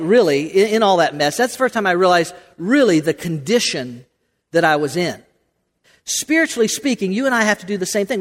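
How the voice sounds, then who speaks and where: A male pastor preaches in a loose, conversational way, circling back on his words and tossing questions to his listeners. His voice sits high. A long reverb trails each phrase in the church. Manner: conversational, many restarts and rhetorical questions. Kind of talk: sermon.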